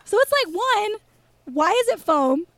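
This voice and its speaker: A woman's voice: extremely high pitch, expressive, a little slow, a bit bright. A chatty woman co-hosting a podcast, rambling and laughing as she recaps a TV episode in casual chat. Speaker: podcast co-host.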